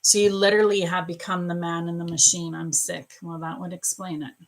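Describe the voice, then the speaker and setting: A woman's voice: fairly low pitch, steady tone, fairly quick. A middle-aged woman psychic reading for viewers on a live stream, soothing and calling them dear and love. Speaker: psychic reader.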